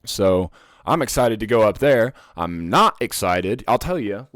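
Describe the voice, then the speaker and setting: A young man hosting a casual podcast, ranting in a profane, animated way. His voice is smooth and clear, recorded close and dry with no room sound. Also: lowish voice, a little slow, no echo. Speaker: podcast host. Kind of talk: casual chat.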